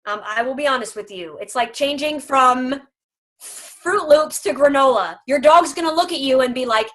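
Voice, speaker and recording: A woman's voice: high-pitched, moderate pace, fairly bright tone. A woman speaking for a dog food company in a casual video chat, emphatic, humorous and persuasive.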